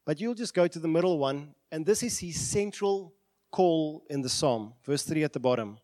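A man's voice: fairly high pitch, expressive, moderate pace, warm tone, no room sound. A man preaching a sermon with passion, voicing prayers aloud. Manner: impassioned, acts out prayers aloud. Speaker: pastor.

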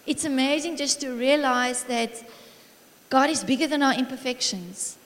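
A middle-aged woman preaching a sermon in a church hall, warm and encouraging, telling family stories with frequent laughter. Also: high voice, moderate pace. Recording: long reverb of a large hall.

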